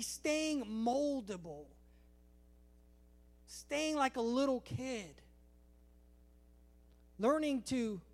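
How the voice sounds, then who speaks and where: A man preaching a sermon, animated and storytelling, acting out little dialogues. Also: high-pitched. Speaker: pastor.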